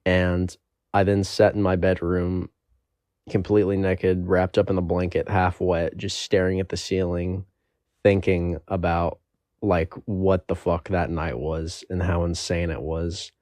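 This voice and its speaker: A man's voice: sits low, flat delivery, unhurried, a little mellow, no room sound, studio quality. A young man telling a rambling, profane story in a casual storytime monologue.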